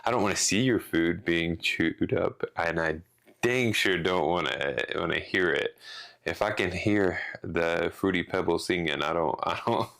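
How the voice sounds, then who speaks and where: A man's voice: deep voice, measured pace, gravelly, fairly bright tone. A man co-hosting a casual podcast, rambling through a rant with restarts and some swearing. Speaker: podcast co-host.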